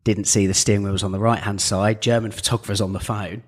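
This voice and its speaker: A man co-hosting a podcast, reacting briefly and telling his own quick anecdote in a brisk, clipped way. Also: lowish voice, flat delivery. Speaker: podcast co-host. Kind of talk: casual chat.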